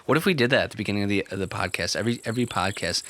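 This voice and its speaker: Bright-toned, playful podcast guy. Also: fairly low pitch, racing. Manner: playful, laughs often, goofy bits. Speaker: podcast co-host. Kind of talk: casual chat.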